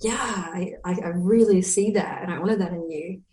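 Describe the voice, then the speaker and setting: A woman's voice: fairly low pitch, moderate pace. Earnest woman teacher in an echoey room. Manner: earnest and encouraging, explaining ideas with warmth. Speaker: breathwork teacher. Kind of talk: casual conversation.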